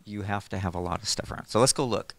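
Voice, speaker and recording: A man's voice: fairly low pitch, fast talker, vocal fry, a bit bright, no room sound. A middle-aged man, an animator, talking casually in an interview, friendly and rambling with lots of fillers. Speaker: animator and storyboard artist. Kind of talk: casual interview, explaining his work.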